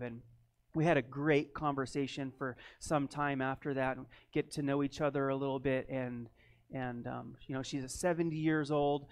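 A man's voice: medium pitch, fairly even intonation, moderate pace. Male pastor telling a story in church, earnest, chatty, stumbles and restarts a lot. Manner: earnest, conversational, repeats words when starting phrases. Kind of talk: sermon with a personal story.

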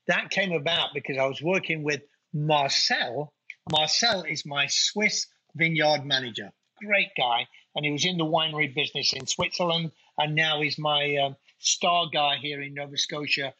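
Bright husky Nottingham man. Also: fairly high pitch, lo-fi sound. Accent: Nottingham English. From England. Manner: chatty, colloquial, with fillers. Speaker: guest. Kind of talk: casual interview chat.

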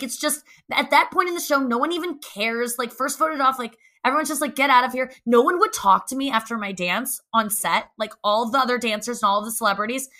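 A young woman comedian telling a self-mocking story in casual chat, animated and swearing freely. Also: fairly high pitch. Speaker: guest, comedian.

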